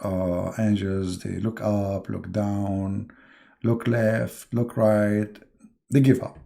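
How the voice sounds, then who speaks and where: Gravelly-voiced man with mocking commentary. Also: lowish voice, level tone, warm tone. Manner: mocking, halting, with many fillers and sudden jumps into put-on voices. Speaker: online religious debater and host.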